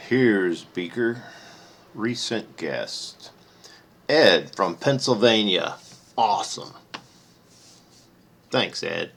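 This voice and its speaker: Gravelly low-voiced man reading guest messages. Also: drawn-out words, pauses often, slight background noise. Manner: relaxed, amused, reads names aloud and reacts briefly. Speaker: electronics channel host. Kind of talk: casual commentary reading visitor messages.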